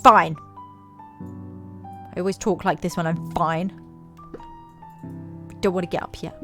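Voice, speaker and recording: A woman's voice: fairly low pitch, steady tone, unhurried, over music, close to an everyday voice. Woman voicing a sulky foul-mouthed young boy. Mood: grumpy. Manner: grumbling, sulky. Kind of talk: voicing game dialogue.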